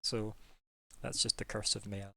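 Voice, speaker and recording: A man's voice: fairly low pitch, flat delivery, unhurried, gravelly, pushed and bright, slightly rough, no echo. Chatty man running a tabletop game. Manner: chatty, rambling with fillers. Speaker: game master.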